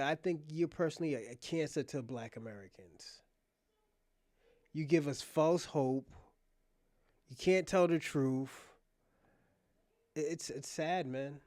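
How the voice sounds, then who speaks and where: A man's voice: a little high, measured pace, pauses often, a little mellow, no echo. Male commentary host, emphatic blunt rant, dry sound. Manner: blunt, emphatic, with repeated restarts. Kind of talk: casual ranting commentary.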